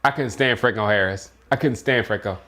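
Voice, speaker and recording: A man casually reacting out loud to a sports draft, laughing often and swinging between disbelief and grumbling. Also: on the low side, a little fast. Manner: animated, laughing, jumps between shock and grumbling. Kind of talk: casual live reaction chat.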